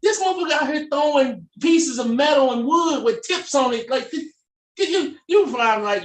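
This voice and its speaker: A man's voice: very high-pitched, expressive, normal speed, recorded from a distance. A man co-hosting a podcast, telling profane comic stories and acting out scenes in voices. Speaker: podcast co-host. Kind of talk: casual comedic chat. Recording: echoey room, off-mic, faint noise.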